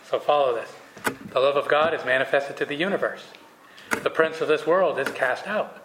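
A man's voice: on the high side, moderate pace. A man leading a Bible study, reading scripture aloud and then explaining it casually with fillers. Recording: echoey room with faint noise.

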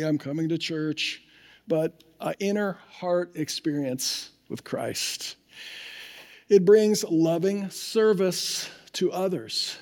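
High-voiced preacher in a reverberant hall. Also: male voice, darkish tone. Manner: emphatic, asks the congregation for amens. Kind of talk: sermon.

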